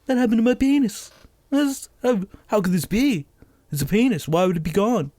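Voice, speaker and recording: A man's voice: high voice, animated, normal speed, dark tone, dry recording, voice pushed up. A man doing an impression of a boastful, rambling older male politician. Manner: boastful, rambling, self-satisfied.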